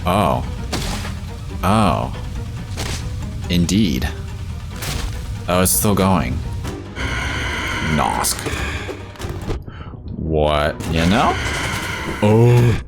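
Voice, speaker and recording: A man with a low, gravelly voice talks through a game he is struggling with in exasperated, casual commentary, tossing "dude" into nearly every line. His pitch swings widely and jumps into high yelps when he panics. Music plays clearly underneath. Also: animated, very slow, pauses often. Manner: exasperated, swears and says "dude" a lot. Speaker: gaming YouTuber.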